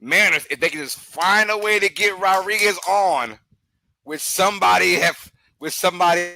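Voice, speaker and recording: A bright yet gravelly male voice calls a game at normal speed on a rough recording. He hosts a live watch-along stream, giving casual play-by-play that erupts into loud outbursts and laughter, and he chats about side topics between pitches.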